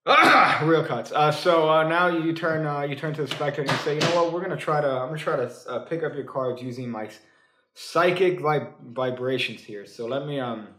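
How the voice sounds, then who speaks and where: A male card magician teaches a trick in a casual, comedic tutorial. His mid-range voice halts often, full of fillers and restarts, and he drops dry, joking asides, all in a roomy-sounding space.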